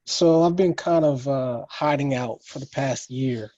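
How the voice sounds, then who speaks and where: A man in a writing workshop speaking hesitantly over a video call, with halting phrases and many fillers. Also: mid-range voice, warm tone, no room sound, highs cut off. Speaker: workshop participant. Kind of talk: casual chat.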